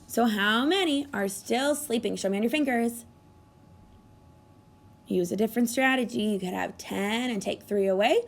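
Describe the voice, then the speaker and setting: A woman teaching a math lesson to young children, speaking in an animated sing-song way and gasping with exaggerated delight as she coaxes answers from them. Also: on the high side, normal speed, creaky. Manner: coaxing, encouraging questions to children. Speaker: kindergarten teacher.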